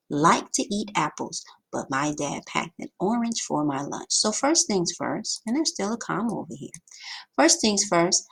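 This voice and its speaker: A woman teaching a grammar lesson over slides, emphatic and lively, with sudden jumps in pitch. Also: creaky.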